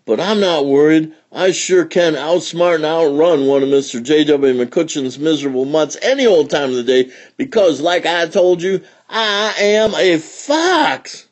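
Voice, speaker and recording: A man's voice: a little high, lively intonation, a little slow, few pauses, voice pushed up. A man doing a frantic, pompous fox. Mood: boastful. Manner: shouting, wailing, pleading.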